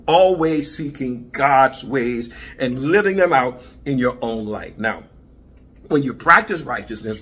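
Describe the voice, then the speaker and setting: A pastor preaching a sermon, a man who moves from calm teaching to shouted praise with frequent hallelujahs. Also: husky. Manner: builds from low teaching talk to shouted praise, interjecting hallelujah.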